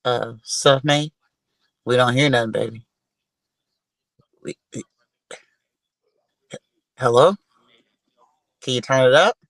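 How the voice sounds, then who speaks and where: A woman's voice: extremely low pitch, slow pace, gravelly, pauses often, no room sound, low-quality recording. A woman hosting a casual livestream, talking bluntly and swearing freely as she scolds her guests. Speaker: livestream host.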